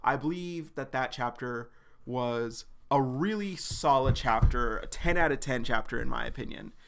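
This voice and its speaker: A young man with a gravelly, creaky voice at an ordinary middle pitch runs a live reaction stream. He recaps in a loose, slangy way, leaning on "like" and the odd curse. His delivery is casual and chatty. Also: moderate pace, a bit bright. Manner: loose, slangy, full of "like" and swearing.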